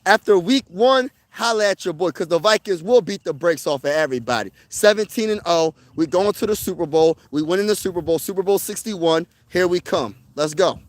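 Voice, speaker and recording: A man hosting a casual sports talk stream outdoors, answering his chat in an excitable, slangy way and repeating himself for emphasis. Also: high-pitched, a little fast, few pauses, dry recording, poor audio. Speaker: sports channel host. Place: outdoors, windy.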